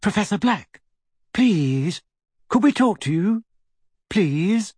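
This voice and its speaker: A man's voice: high voice, big pitch swings, slow pace, a little mellow, slightly rough, no echo, clean studio sound, voice pushed up, heavily acted. A man voicing a clever, determined young woman in a storybook reading, polite and urgent. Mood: pleading.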